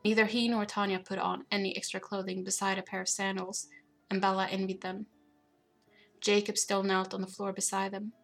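A woman narrating a novel chapter in a steady, even reading voice. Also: mid-range voice, a little fast, creaky, soft background music. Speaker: audiobook narrator. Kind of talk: storybook narration.

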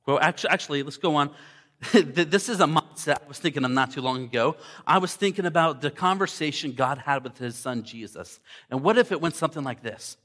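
A man's voice: fairly high pitch, fairly quick, a bit bright. A male pastor preaching a sermon, emphatic, repeating key words and addressing the congregation directly.

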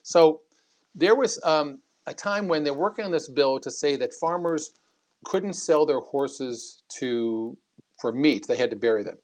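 A man, a former congressman, telling stories in an interview with an animated, anecdotal manner and frequent restarts. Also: on the high side, a little slow. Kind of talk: interview storytelling.

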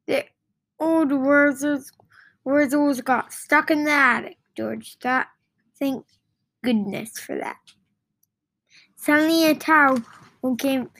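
A woman reads a children's chapter book aloud, slowly and haltingly. She stumbles over words and restarts often. Her voice is high. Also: fairly bright tone, no echo. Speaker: reader.

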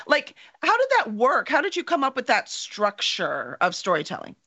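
Interviewer, really lively voice, chatty and engaged, dull lo-fi sound. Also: mid-range voice, normal speed. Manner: engaged, frequent backchannel and laughter. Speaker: podcast interviewer. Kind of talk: casual interview chat. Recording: lo-fi muffled audio.

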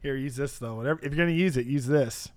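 A man's voice: medium pitch, quick pace, no echo. A man co-hosting a podcast, telling a story in casual chat, laughing often and acting out the voices of the people in it. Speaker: podcast co-host.

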